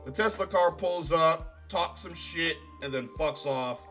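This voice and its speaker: A man's voice: a little high, unhurried, pushed and bright, soft background music. A man giving a casual, profane, sarcastic review of a TV show from his home recording setup.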